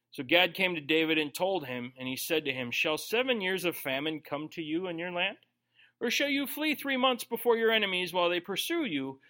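A man's voice: a little high, pushed and bright. A man preaching a conversational sermon, joking and briefly acting out quoted voices as he teaches through a Bible passage. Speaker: pastor.

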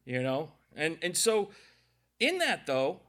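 Very animated yet slow, a middle-aged preacher delivers a chatty sermon in a somewhat high, fairly bright voice. He mixes stories and jokes, addressing the congregation directly.

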